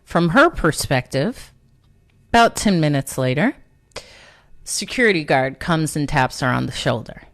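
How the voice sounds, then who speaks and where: Slow, low-voiced woman telling a story. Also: expressive, dry recording, clean studio sound. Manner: conversational, self-mocking, laughs often. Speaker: storyteller host. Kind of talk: casual personal storytelling.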